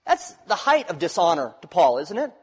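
Preacher with swinging dynamics in reverberant hall. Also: male voice, sits high, sing-song, fairly quick, breathy edge. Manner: dynamic preaching, swinging from loud rises to quiet drops. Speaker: pastor. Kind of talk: sermon. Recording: long reverb of a large hall.

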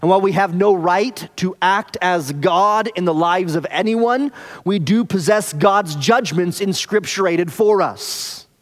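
A man preaching an expository sermon, earnest, dropping soft and slow on key phrases. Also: high voice. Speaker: pastor.

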